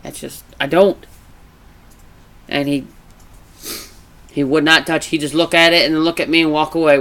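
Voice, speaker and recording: Man, casual vlog chat, rambling, bright voice, smooth clear tone. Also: on the high side, moderate pace. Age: adult. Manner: rambling, restarts, animated when retelling. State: congested from allergies. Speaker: vlogger.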